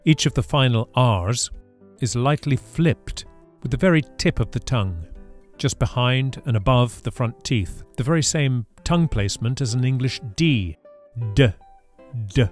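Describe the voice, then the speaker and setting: A man teaching Spanish in a scripted lesson, explaining patiently and saying each example word carefully. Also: mid-range voice. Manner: careful, patient explanation with clear model pronunciations. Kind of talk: scripted language lesson narration.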